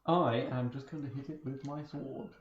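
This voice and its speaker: A man's voice: mid-range voice, fairly even intonation, normal speed. A man playing at a tabletop game, giving short casual replies. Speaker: player. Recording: echoey room, dull sound, clear hiss.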